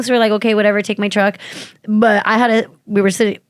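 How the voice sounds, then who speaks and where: A woman telling stories in a casual podcast chat, animated and swearing freely. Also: quick pace, clear, resonant tone, dry recording, studio quality. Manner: animated storyteller, jumps into high voices for quotes. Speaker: podcast co-host.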